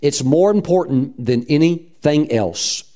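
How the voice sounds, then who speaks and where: A middle-aged male pastor preaches with fervent conviction, his voice mellow and warm, sitting a little high for a man. He punctuates his points with "praise God" and acts out the voices he quotes. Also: lively intonation, measured pace. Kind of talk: sermon.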